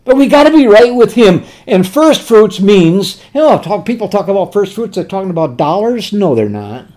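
A man preaching a sermon. He poses rhetorical questions and answers them himself, and slows to a soft voice on tender words. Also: high-pitched, very animated.

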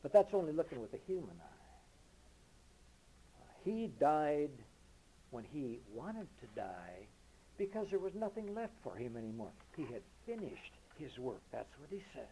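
A man preaching a sermon with emphasis, rising to loud declarations and dropping to low murmurs, reading scripture slowly and deliberately. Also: big pitch swings, a little hiss or hum, rough recording. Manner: reads King James scripture slowly and deliberately.

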